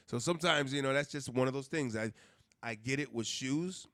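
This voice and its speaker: A man's voice: medium pitch, a little fast, fairly bright tone. A man cohosting a podcast, telling loose, profane stories in casual chat. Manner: loose, profane storytelling with laughs and restarts.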